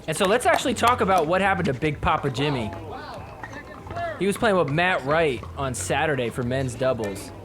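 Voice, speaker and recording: A man hosting a podcast, giving a casual recap of sports matches, swearing freely and mocking the players in quick put-on voices. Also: on the high side, animated.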